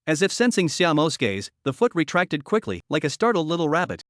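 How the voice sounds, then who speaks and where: A man reading a scripted story recap in an even, steady way. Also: fairly high pitch, fairly quick, no echo, studio quality. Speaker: narrator.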